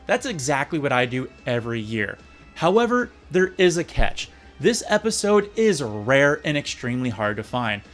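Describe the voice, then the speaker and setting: A man casually reviewing an old episode with sarcastic, jokey asides. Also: on the high side. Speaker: video reviewer.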